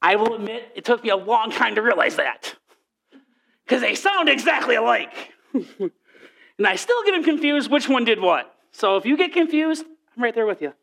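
A male preacher with a high voice gives an animated sermon. He tells stories with plenty of energy and slips into acted voices for the people in them. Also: normal speed, gravelly. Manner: animated storytelling, acts out voices in quotes.

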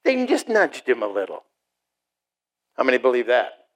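A middle-aged man preaching a sermon to a congregation, animated, acting out short mocking voices and asides. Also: medium pitch, normal speed, poor audio. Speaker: pastor.

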